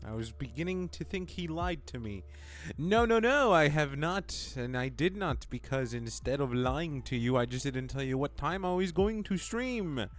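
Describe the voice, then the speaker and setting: Young guy streaming, goofy rambly chat with viewers, soft music in the back. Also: fairly high pitch, expressive, normal speed. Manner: rambling, playful, chatting with viewers. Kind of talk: casual live-stream chat.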